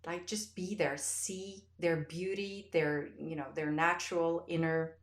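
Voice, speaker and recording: A woman podcast host chatting in an interview, effusive and telling stories with animated quoted voices. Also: lowish voice, unhurried, echoey room. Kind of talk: casual interview chat.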